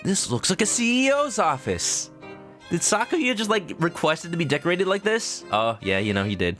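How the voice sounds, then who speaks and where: Young guy streaming a game, jokey, goes up and down a lot, fairly high voice. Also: very animated, normal speed, fairly bright tone, soft background music. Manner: playful, jokey. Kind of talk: casual gameplay commentary.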